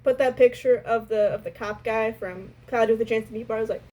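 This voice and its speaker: Young adult woman with a slightly high voice, telling a work story in an exasperated tone. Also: brisk, noisy background. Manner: animated, exasperated retelling. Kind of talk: casual storytime.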